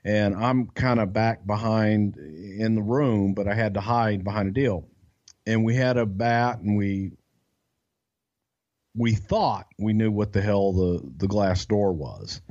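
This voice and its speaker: A man's voice: on the low side, slow, a little mellow, dull audio. A man co-hosting a podcast, telling a backstage story in a rambling, profane way with lots of restarts. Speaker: podcast co-host. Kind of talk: casual storytelling chat.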